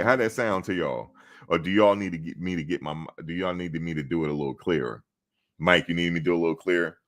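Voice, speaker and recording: A man with a very deep, gravelly voice hosts a sports livestream. He talks casually and answers the comments as they come in, teasing the chatters and pushing back at them. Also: fast, fairly bright tone. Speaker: sports channel host. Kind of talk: casual livestream chat, reading viewer comments.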